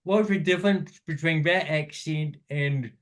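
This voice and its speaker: A man whose speech carries the slur of cerebral palsy. His voice sits high for a man. He chats frankly and casually, swearing now and then and restarting his thoughts. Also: measured pace. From New Zealand. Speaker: podcast guest, inspirational speaker. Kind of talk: casual chat.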